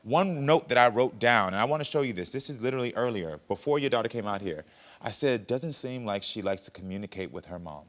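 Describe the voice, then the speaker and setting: A man hosting a daytime talk show, calmly asking probing questions to mediate a family conflict. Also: medium pitch, fast talker.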